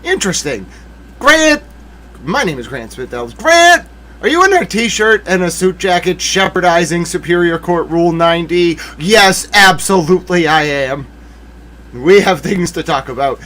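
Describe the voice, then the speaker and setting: Man, livestream legal commentary, high lively voice, mock-outraged ranting, asides to himself. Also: normal speed.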